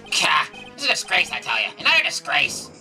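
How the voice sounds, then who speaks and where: Woman doing a cranky old grandpa, gruff and loud, game music underneath. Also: lowish voice, very animated, brisk, exaggerated voice. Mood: scolding. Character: grouchy old man, shouting and scolding.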